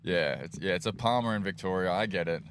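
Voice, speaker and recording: A Queensland man with an Australian accent co-hosts a live race stream, trading jokey, teasing banter in casual event commentary. His voice is low, fast, and fairly bright, with a little hiss or hum in the audio.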